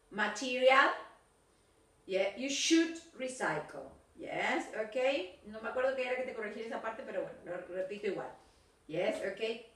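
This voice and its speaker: Recorded from a distance in a reverberant room, a woman with a fairly bright, somewhat high voice runs an English class. She has an Argentine Spanish accent and switches between Spanish and English while correcting pronunciation.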